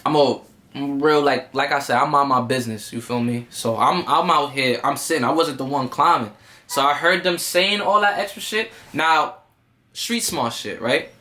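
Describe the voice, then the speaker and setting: A man's voice: mid-range voice, moderate pace, sharp tone. A man telling a story in a casual, slangy, streetwise way, full of fillers. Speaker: vlogger.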